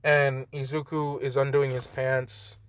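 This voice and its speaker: A man's voice: medium pitch, level tone, unhurried, clear, resonant tone. A young man casually improvising a story, rambling with lots of fillers and joking asides.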